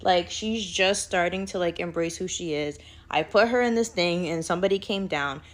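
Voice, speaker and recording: A woman with a fairly low voice speaks at a moderate pace, casually recounting a personal spiritual story. She's chatty and rambling, and "like" turns up constantly.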